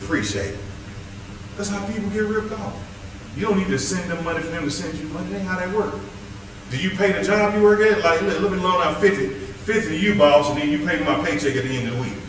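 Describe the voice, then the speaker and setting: A man's voice: high voice, quick pace, recorded from a distance, noisy background. A man, a pastor leading a Bible study, preaching conversationally and teasing his listeners with jokes. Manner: joking, lively, teasing the audience. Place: church hall. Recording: very echoey hall, voice off-mic.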